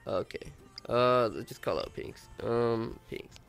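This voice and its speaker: A young man's gameplay commentary, stuffy from being sick, loose and chatty, breaking into loud cursing when a race goes wrong. Faint music plays underneath his voice. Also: mid-range voice, slow. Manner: swearing, animated outbursts at the game. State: sick, congested. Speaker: gaming YouTuber. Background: faint background music.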